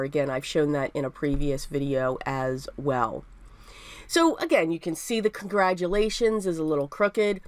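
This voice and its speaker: A woman's voice: on the low side, dry recording. Chatty woman hosting a crafting tutorial. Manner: chatty, repeats herself, upbeat. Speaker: papercraft video host.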